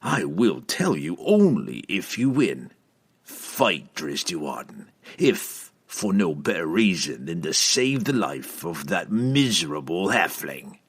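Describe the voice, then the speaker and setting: A man voicing a cold, sneering male assassin who growls his threats slowly. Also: deep voice, very animated, husky, heavily acted. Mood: menacing. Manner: growling, slow and menacing.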